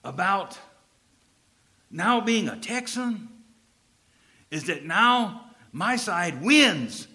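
A man's voice: high-pitched, sing-song, extremely slow, long pauses, pushed and bright, exaggerated voice. A man voicing a joking Mexican American teenage boy with a heavy Spanish accent.

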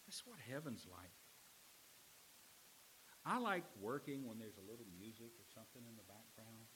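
A middle-aged man preaching a sermon as pastor. He swings from loud, emphatic lines to low, quiet ones. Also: sing-song, brisk, noisy background.

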